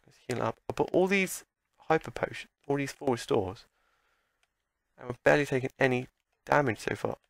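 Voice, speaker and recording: A man giving gameplay commentary, excitable and talking back at the game as he plays. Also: mid-range voice, moderate pace, creaky, no echo. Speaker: let's play commentator.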